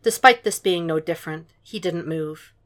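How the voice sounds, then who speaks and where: A woman reading fan fiction aloud in a calm, measured audiobook narration. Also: fairly low pitch. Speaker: podfic reader.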